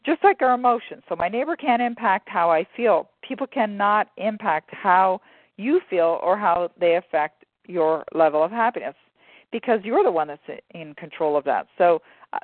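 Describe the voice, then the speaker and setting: Woman guest rambling warmly with laughs, thin phone sound, dead dry. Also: mid-range voice, no room sound, narrow, tinny audio. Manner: animated storyteller, many fillers and laughs. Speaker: guest author. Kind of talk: casual conversational interview.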